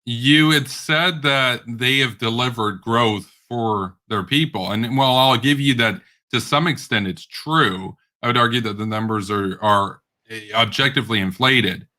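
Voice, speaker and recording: Combative bright-voiced man debating. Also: mid-range voice, a little slow, hardly any pauses. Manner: combative, interrupting, laughing scornfully. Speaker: debate host. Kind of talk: heated online debate.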